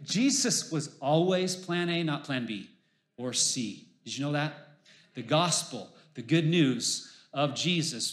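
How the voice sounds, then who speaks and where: A man's voice: a little high, echoey room. A male pastor preaching a sermon to his congregation, emphatic and exhorting, his voice rising as he urges listeners on.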